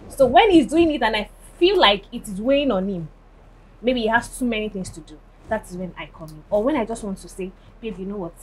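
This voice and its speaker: A woman's voice: fairly high pitch, lively intonation, a little fast, slight background noise, poor audio. A woman speaking as a guest in a casual chat, emphatic and checking in with her listener often. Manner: emphatic, repeats "right?" and "do you get?".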